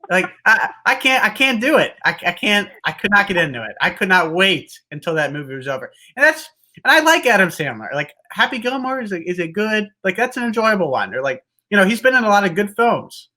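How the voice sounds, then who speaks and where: A man's voice: high-pitched, big pitch swings, brisk, pushed and bright. A young man hosting a casual sports talk show, rambling and hedging with lots of restarts.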